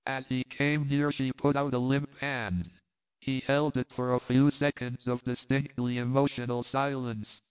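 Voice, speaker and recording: Smooth-voiced male audiobook narrator. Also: medium pitch. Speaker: audiobook reader. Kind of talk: scripted narration. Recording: tinny phone-like sound.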